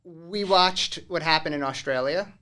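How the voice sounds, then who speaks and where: A man hosting a casual radio talk show, animated and cursing freely. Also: on the high side, a little slow. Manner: animated, swears freely, jokey put-on voices. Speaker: host. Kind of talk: casual podcast chat. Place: radio studio.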